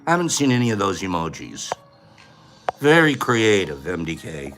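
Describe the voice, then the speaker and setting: A man's voice: low-pitched, big pitch swings, normal speed, a bit bright, soft background music. A man hosting a live stream in a casual, playful way, greeting viewers by name and teasing them. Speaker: livestream host.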